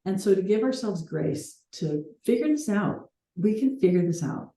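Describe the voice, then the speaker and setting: A woman's voice: mid-range voice, expressive, moderate pace, dark tone, echoey room. A woman hosting a coaching call, talking earnestly and reflectively with light laughs now and then.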